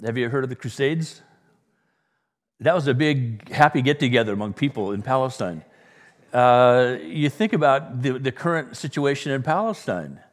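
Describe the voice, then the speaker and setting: A pastor from Southern California preaching a sermon, his middle-pitched voice ringing through a long-echoing hall. He jokes with the congregation, with loud bursts and trailing quiet asides. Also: expressive, moderate pace.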